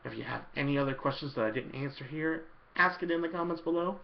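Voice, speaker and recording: A man's voice: on the high side, fast talker, creaky, lo-fi sound. A man answering viewer questions in a casual, rambling vlog, with lots of ums and uhs.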